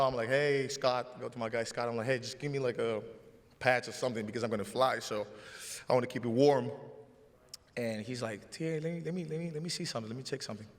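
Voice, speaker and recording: A man in his thirties with a Greek accent, hosting a live stage show and telling a story in a halting way with many restarts. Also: medium pitch. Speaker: host. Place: large hall before a live audience. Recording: long hall reverb.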